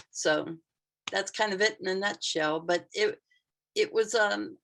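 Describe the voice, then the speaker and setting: A woman's voice: mid-range voice, a bit bright. An older woman telling a candid personal story, with a frank, self-deprecating manner.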